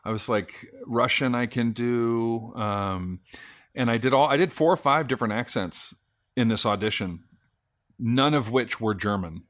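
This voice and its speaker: A man's voice: fairly low pitch, moderate pace. A man from Sacramento, an actor guest on a podcast, telling stories animatedly with many restarts. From Sacramento, California. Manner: animated storyteller, frequent restarts, does voices. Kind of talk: casual podcast interview.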